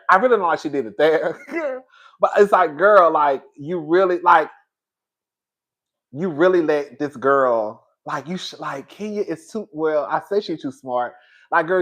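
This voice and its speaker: Sassy male reviewer, slightly high voice, animated and laughing. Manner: sassy, animated, laughing often, drags words for effect. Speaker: reality TV reviewer. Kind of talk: casual reaction commentary.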